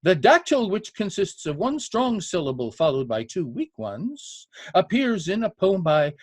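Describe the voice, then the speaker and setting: An older man lectures eagerly on poetic meter, his voice husky and breathy. It climbs high and swoops widely as he chants out rhythms and stops for uhs, recorded close and dry. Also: big pitch swings, a little slow, dry recording. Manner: enthusiastic, scats rhythms aloud with many uhs. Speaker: poetry podcast host.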